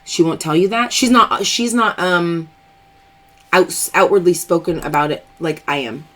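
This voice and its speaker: A woman's voice: on the low side, measured pace, a bit bright, slight background noise. A woman hosting a live stream, chatting openly and emphatically as she answers viewer comments. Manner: chatty and emphatic, open about personal matters.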